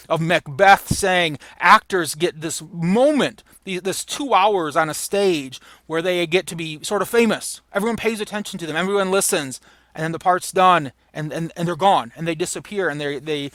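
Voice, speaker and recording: A man's voice: a little high, pushed and bright, no echo. A man lecturing on literature, explaining patiently and paraphrasing the passages he reads aloud. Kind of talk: recorded lecture.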